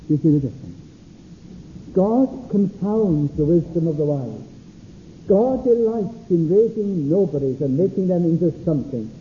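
A man preaches a sermon in a lively, fairly high voice that swings widely in pitch. He questions the congregation directly and jumps up for emphasis. The recording is tinny and thin, like a phone line, with a faint hiss. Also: moderate pace. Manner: animated, leaps up in pitch for emphasis, talks straight to the congregation.

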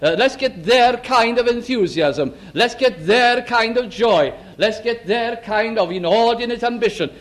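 A man preaching a sermon, often slipping into quoted everyday voices and then dropping to quiet, musing asides. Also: very high voice, a little slow, few pauses.

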